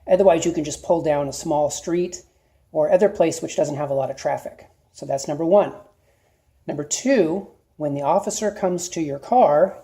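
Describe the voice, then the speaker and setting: A middle-aged man giving casual, plain-spoken advice to viewers, often checking in with a quick "okay?". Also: a little high, mellow. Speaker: video host giving advice. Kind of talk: casual instructional talk to camera.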